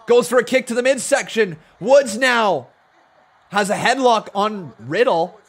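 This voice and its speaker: A man hosting a live wrestling watch-along, calling the action play by play and talking to his viewers, bursting into loud excitement at big moments. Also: sits high, a little slow. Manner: excitable, swings from calm play-by-play to loud shouting; talks to viewers in chat. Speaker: live-stream host.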